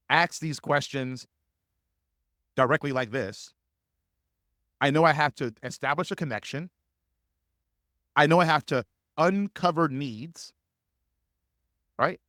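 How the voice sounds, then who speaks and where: A man's voice: a little high, fairly bright tone, no room sound, clean studio sound. A man teaching sales as a coach in a live webinar, speaking emphatically and repeating key phrases to drive points home.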